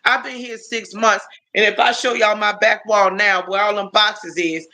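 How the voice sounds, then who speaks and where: A woman's voice: medium pitch, fairly even intonation, normal speed, sharp tone, rough recording. A woman in her fifties chatting casually on a live stream, rambling through stories with lots of restarts. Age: 50s.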